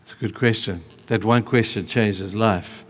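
Speaking at a normal pace in a lowish voice, a male preacher tells a story animatedly during his sermon, alternating between quiet and loud delivery amid big-room sound.

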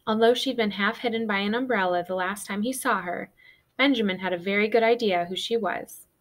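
A woman teacher reading a children's novel aloud to her students in a steady, expressive way. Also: mid-range voice, a little fast. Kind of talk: storybook read-aloud.

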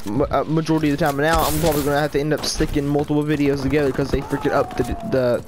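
A man's voice: fairly high pitch, flat delivery, racing, noisy background. A man giving rambling, frustrated gameplay commentary in a whiny tone. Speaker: gaming YouTuber.

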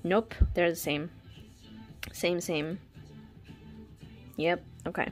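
A young woman K-pop fan vlogger with a lowish, steady voice chats casually while unboxing albums, speaking slowly with long pauses. She's gushing and dramatic, saying "like" and "wow" a lot, laughing often and dropping into sudden whispers, with faint music behind her.

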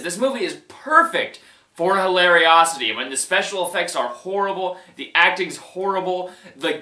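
A man's voice: high-pitched, sharp tone, reverberant. A man giving a casual movie-review rant, emphatic and exasperated, repeating his points and often breaking into laughter.

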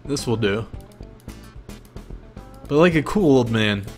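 A man streaming a life-simulation game, commentating casually and jokingly, with sudden excited outbursts. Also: medium pitch, slow, soft background music.

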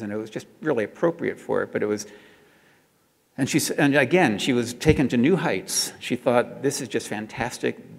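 A man's voice: fairly low pitch, creaky, big-room sound. A man telling an anecdote to an audience in a chatty way, with many fillers and restarts. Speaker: speaker recounting advertising work.

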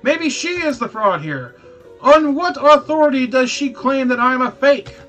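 A man voicing a smooth-talking, swindling salesman in a video game playthrough, with oily, theatrical denials. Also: very high-pitched, expressive, measured pace, fairly bright tone, muffled recording, soft background music, pitched above the performer's own voice, heavily acted. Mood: smooth pleading.

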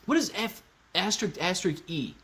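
Brisk and high-voiced, a man hosts a casual livestream Q&A, reading viewer comments aloud. He gets excited, thinks out loud and repeats himself.

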